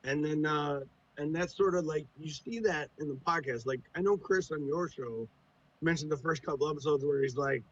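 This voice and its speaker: A man's voice: on the high side, moderate pace, muffled recording, a little hiss or hum. A man from the United States, a podcast guest, talking casually with a profane, teasing, joking manner. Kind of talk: casual chat.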